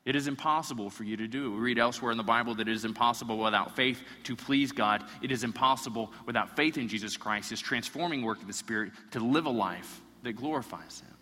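Male pastor delivering a sermon, forceful tone, long hall reverb. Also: mid-range voice, quick pace, few pauses. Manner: preaching with rising intensity and repeated phrases.

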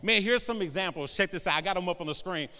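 A man in his forties preaching with humor, telling animated, joking stories to an audience and tagging his lines with "all right?". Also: high voice, fast talker, clean tone, big-room sound. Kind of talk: humorous sermon storytelling.

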